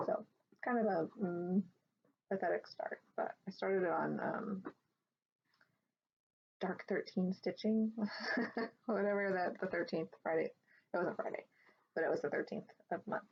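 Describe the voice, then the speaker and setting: A woman with a lowish, gravelly voice chats casually at home, rambling through fillers and restarts as she shows her work. The recording is dull and lo-fi, with a faint hiss of background noise. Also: unhurried, long pauses. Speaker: cross-stitch vlogger. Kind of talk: casual show-and-tell chat.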